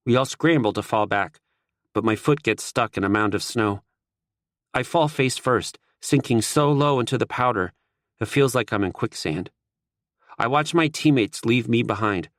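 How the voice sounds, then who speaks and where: A man reads a first-person audiobook in a steady, wry way. His voice sits on the low side. The sound is dry and close, with no room around it. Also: no room sound. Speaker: audiobook narrator.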